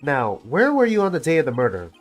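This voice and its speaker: A wry young lawyer, dry and low-key, in a near-natural voice, as a man with a sore throat reads him. A game voiceover with lively swings. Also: quick pace, faint music behind.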